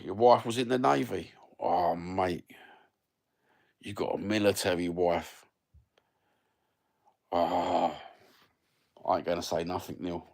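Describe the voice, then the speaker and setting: A man's voice: deep voice, steady tone, slow pace, vocal fry, long pauses, darkish tone. A man with a London accent chatting casually with live viewers on his phone, blunt and sweary, full of banter. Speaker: livestream host.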